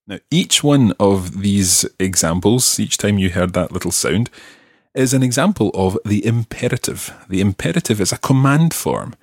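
A man hosting a language-learning podcast, explaining grammar patiently and clearly. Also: lowish voice, lively intonation, moderate pace, darkish tone, no echo, studio quality. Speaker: language teacher and podcast host.

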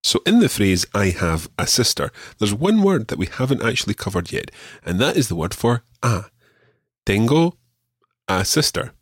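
Male language tutor, low and a touch husky, patient, repeats and praises. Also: big pitch swings, dry recording, studio quality. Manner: patient, encouraging, repeats words slowly. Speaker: language teacher. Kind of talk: radio language lesson.

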